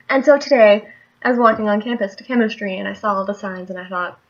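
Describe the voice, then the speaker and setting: A young woman chats her way through a story for her vlog, rambling and laughing as she goes. Her voice sits in a middle pitch. The recording is a little dull and lo-fi. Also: quick pace. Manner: chatty, rambling, laughs often. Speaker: vlogger.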